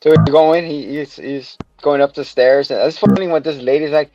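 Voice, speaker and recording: Dude rambling through an episode recap, cusses, acts stuff out, muffled dry audio, faint music. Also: male voice, fairly high pitch, fairly even intonation, moderate pace, dark tone. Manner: rambling, profane, acts out scenes. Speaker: podcast co-host. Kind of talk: casual chat, recapping a show. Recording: dull lo-fi sound with music behind.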